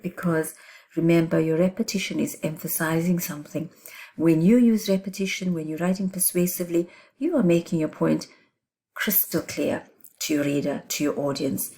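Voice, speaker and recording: Emphatic woman teacher, warm low voice. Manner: emphatic, explains with examples and checks in with "right?". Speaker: English teacher. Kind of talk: exam revision lesson.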